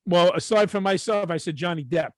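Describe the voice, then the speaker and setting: A middle-aged man with a Brooklyn accent, co-hosting a podcast and telling stories in a casual, profane, animated way. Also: high-pitched, a little fast, no room sound, studio quality. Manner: animated, profane, acts out quotes. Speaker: podcast co-host. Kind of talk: casual storytelling.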